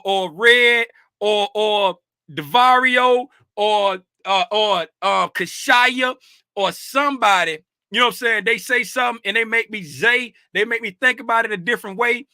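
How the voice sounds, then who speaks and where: A male livestream host from Fort Lauderdale, Florida, chats casually with viewers, greeting them by name and breaking into bursts of laughter and shouting. He's animated, and his voice is high, bright, and smooth. The recording is dry and studio-clean.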